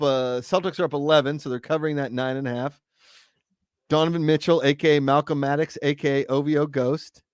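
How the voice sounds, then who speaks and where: A man's voice: on the high side, clean tone, no room sound, studio quality. Joking man hosting a watch party. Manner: joking, animated, does accents. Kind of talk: casual sports chat.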